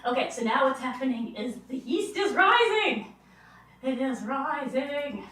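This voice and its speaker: A woman's voice: high-pitched, expressive, normal speed, fairly bright tone, distant mic, a little hiss or hum. A woman casually chatting while cooking on a live stream, playful and sing-song, often meowing to herself. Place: home kitchen. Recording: echoey room, voice from afar.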